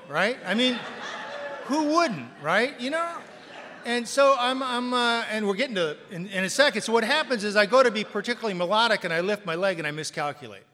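A man telling a self-mocking story to an audience, acting out voices and loud punchlines. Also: high voice, big-room sound, background noise. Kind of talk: recovery storytelling with comic bits.

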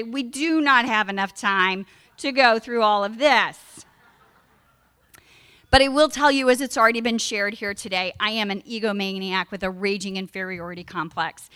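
A woman's voice: medium pitch, sharp tone, clear, resonant tone. A middle-aged woman giving a candid personal testimony at a recovery meeting, emphatic and frank. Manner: candid, emphatic, acts out her past self in raised voice.

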